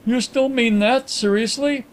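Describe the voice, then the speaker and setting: A man voicing an excitable, skeptical gentleman friend in an audiobook, with a raised, emphatic, incredulous delivery. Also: very high-pitched, unhurried, slight background noise, voice pushed up.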